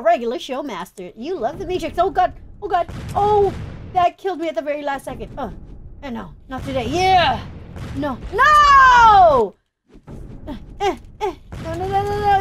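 A young woman commenting as she plays a video game, excitable, shrieking and groaning as she wins and fails. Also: sits high, a little hiss or hum. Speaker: gaming YouTuber. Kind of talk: let's play commentary.

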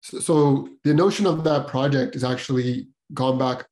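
A man's voice: mid-range voice, moderate pace, a little mellow. A man hosting a podcast, telling his personal story casually, rambling and full of filler words. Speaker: podcast host.

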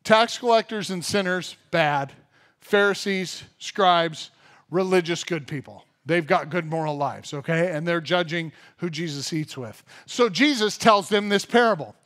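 A male pastor with a high voice preaches to his church. He tells funny everyday stories and acts out the people in them, then moves into the scripture. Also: unhurried. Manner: animated storyteller, acts out funny everyday scenes. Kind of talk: sermon. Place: church service.

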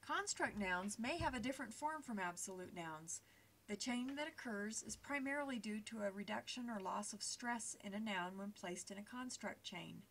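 A woman teacher talks through a recorded grammar lesson over slides at a mid-range pitch, patient and methodical. She pauses on fillers as she explains each point step by step. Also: a bit bright, a little hiss or hum.

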